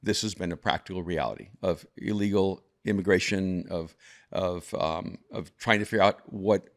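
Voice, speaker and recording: Man over fifty, from El Salvador, lowish pitch, reflective, repeats words as he goes. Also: moderate pace. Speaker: guest. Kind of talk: conversational storytelling.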